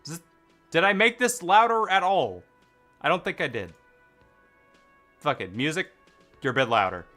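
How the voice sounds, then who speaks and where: A man giving casual let's play commentary, animated and jokey, swearing often. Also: on the high side, moderate pace, long pauses, faint music behind. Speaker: gaming channel host.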